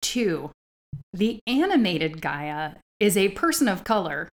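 A woman with a fairly low voice co-hosts a casual podcast chat. She makes wry, questioning remarks. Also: very animated, slow.

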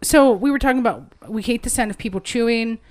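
A woman in her late thirties with a fairly high voice, co-hosting a laid-back podcast. She talks in loose, chatty stretches and swears freely while telling stories. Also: fast talker, darkish tone, dry recording, clean studio sound. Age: late 30s. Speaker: podcast co-host. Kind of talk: casual podcast chat.

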